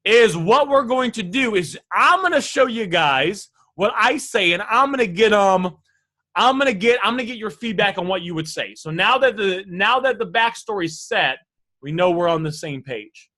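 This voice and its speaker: A man coaching viewers live on sales talk, energetic and emphatic, asking them questions directly. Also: high-pitched, moderate pace. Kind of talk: live online sales lesson.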